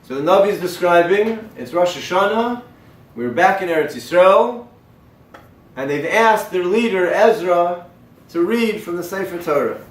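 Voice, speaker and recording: A male rabbi teaching a sermon-style class who quotes verses and translates them, swinging between loud emphatic lines and quiet hushed ones. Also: high-pitched, animated, moderate pace. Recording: echoey room, mic far off, faint noise.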